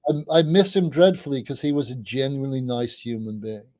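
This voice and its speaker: A middle-aged man, a podcast guest, telling anecdotes in a chatty way, often restarting his sentences and dropping in quick asides. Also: medium pitch, lively intonation, a little mellow, no echo. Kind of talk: casual anecdotal storytelling.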